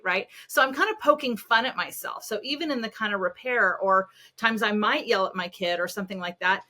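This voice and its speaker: A middle-aged woman, a parenting expert guest on a podcast, telling stories in an animated, self-deprecating way. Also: medium pitch, fairly quick, hardly any pauses. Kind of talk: casual podcast conversation.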